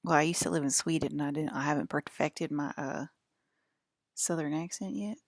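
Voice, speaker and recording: A woman talking casually to her viewers in a loose, rambling monologue, with a drawl and pauses to cough. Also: low-pitched, no echo, studio quality. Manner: rambling, drawling, uses y'all and fixing to. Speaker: vlogger.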